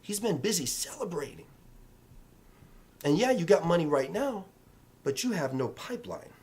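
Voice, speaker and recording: A man's voice: fairly high pitch, big pitch swings, moderate pace, darkish tone. Emphatic man giving a motivational vlog talk. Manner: emphatic, repetitive, coaching tone. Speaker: real estate vlogger.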